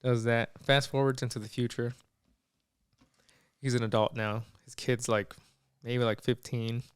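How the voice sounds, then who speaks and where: A man's voice: medium pitch, fairly even intonation, measured pace, smooth, dry recording, studio quality. A young man co-hosting a podcast, casually retelling a movie plot and quoting the characters with "he's like" and "she's like". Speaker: podcast co-host. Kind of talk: casual storytelling chat.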